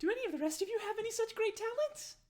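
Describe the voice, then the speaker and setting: A woman voicing an excitable, bubbly female lodge server in a squeaky, very high voice. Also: very fast. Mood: eager.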